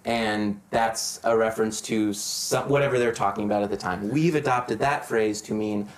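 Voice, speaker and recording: A man's voice: on the low side, fairly even intonation, moderate pace, hardly any pauses. A man hosting a podcast, chatting casually and explaining things in long, joking, rambling stretches. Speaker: podcast host. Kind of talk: casual chat. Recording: roomy room.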